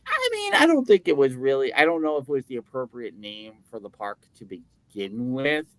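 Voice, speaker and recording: A man's voice: mid-range voice, very animated, moderate pace, no echo. Rambling man on a dry close mic. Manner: rambling, self-interrupting, jokey. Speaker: podcast co-host. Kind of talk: casual chat.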